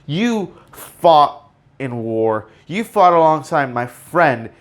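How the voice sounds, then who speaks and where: An earnest male hero, as a man puts him on, speaking slowly and insistently. His voice sits on the higher side for a man. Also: sing-song. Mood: urging.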